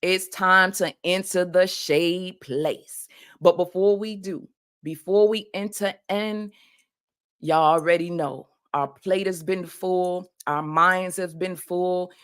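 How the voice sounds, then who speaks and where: A woman's voice: on the low side, fairly even intonation, takes it slowly, a bit bright, clean tone. A woman hosting a faith-based motivational podcast, talking in a preacherly call-and-response way and often calling out "y'all". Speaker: podcast host and life coach.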